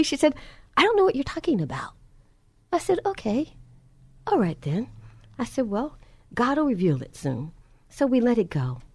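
A woman preacher telling a personal testimony in a sermon, acting out both sides of the conversations and dropping soft and low in reverent moments. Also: dry recording.

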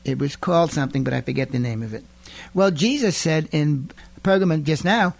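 A man preaching a radio sermon emphatically, building to loud indignant rises. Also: on the high side, expressive, fairly quick, creaky.

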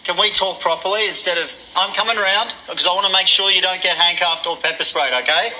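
A man's voice: high-pitched, quick pace, sharp tone, slight background noise, rough recording. An Australian man, a police negotiator, talking firmly but reassuringly during a live crisis call-out.

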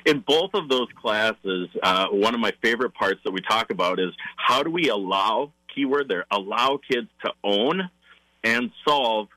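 Male interview guest, parenting class facilitator, low-pitched and bright, eager and step-by-step, recorded dry. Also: lively intonation, a little slow, no room sound, poor audio. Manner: enthusiastic, explains step by step, acts out parent and child lines.

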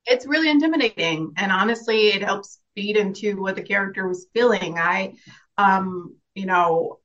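A woman's voice: mid-range voice, normal speed, fairly bright tone, lo-fi sound. A young adult woman, an actress guest, talking casually and earnestly in an interview, reflective, with frequent restarts and laughs.

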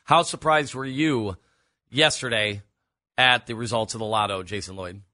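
Wry male sports radio host, bright tone, rambling questions, studio. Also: medium pitch, normal speed, no echo. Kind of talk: sports talk radio banter.

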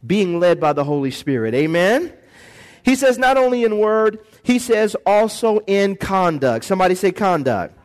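A man pastor preaching a lively sermon in a church, acting out voices and calling for responses from the congregation. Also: high-pitched, moderate pace. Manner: animated preaching, acts out voices, call-and-response.

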